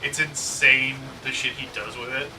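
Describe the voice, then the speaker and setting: A man's voice: mid-range voice, steady tone, normal speed, noisy background. A man chatting casually as a co-host, rambling with lots of "like" and poking fun at himself. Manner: rambling, lots of "like", self-mocking. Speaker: co-host of a gaming chat. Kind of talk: casual chat. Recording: distant mic.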